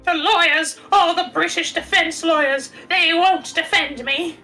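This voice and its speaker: A very high, bright voice for a despairing young foreign student, a woman acting him out. He is anxious, self-pitying and clings to anyone who will listen. Faint game music plays underneath. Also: measured pace, full character voice, poor audio. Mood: pleading. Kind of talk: reading a visual novel aloud.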